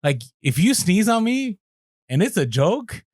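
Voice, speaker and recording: A male co-host chats on a podcast in an animated, emphatic way, with lots of "like" and "you know." His voice sits slightly high. The sound is dry and close. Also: unhurried, no echo. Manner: animated, emphatic, filler-heavy. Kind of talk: casual chat.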